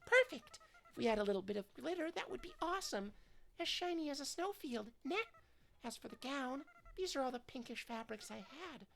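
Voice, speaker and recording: A doting young woman designer, as a woman puts her on, speaking softly and gushingly with Japanese words dropped in. Her voice sits high and swoops brightly. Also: lively intonation, a little fast, gravelly, slight background noise.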